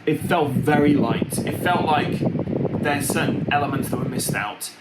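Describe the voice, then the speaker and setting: Male vlogger, slightly high voice, rambling casual chat, roomy echo. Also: moderate pace. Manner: chatty and meandering. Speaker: board game channel host. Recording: roomy, with loud fan hum. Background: loud fan noise.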